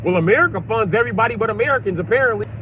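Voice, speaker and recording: A man rants bluntly and crudely while he sits in a car. His voice sits fairly high. Steady vehicle noise runs underneath. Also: rapid-fire. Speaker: vlogger. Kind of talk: profane ranting monologue.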